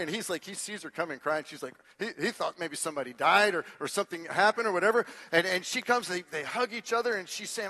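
A middle-aged male pastor delivering a sermon in a high, bright voice. He tells stories with energy, acts out the voices of the people in them, and drops to a hushed tone to drive a point home. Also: brisk.

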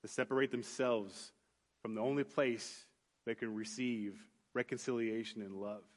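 A man's voice: medium pitch, normal speed. A man preaching a sermon, telling a personal story in an earnest, conversational way with many restarts. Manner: earnest storytelling, rising into animated retelling with acted voices. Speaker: pastor.

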